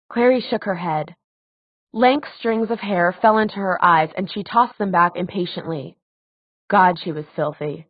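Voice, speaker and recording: A woman narrating an audiobook in a measured, even storytelling manner. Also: on the low side, no room sound, phone-quality sound.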